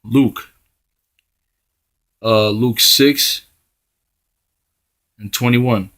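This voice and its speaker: A man delivering a profane, heated street-style sermon, tagging "man" onto his phrases and reading scripture slowly in old-style wording. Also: mid-range voice, a bit bright. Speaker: preacher.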